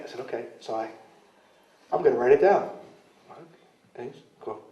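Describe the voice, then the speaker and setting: A man's voice: mid-range voice, animated, a little fast, pauses often. Rambling man, distant in a roomy club. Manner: rambling, self-deprecating, acts out quoted voices. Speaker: interviewee, wrestler. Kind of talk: casual storytelling interview. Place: club in London. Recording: roomy, distant, dull lo-fi camcorder sound.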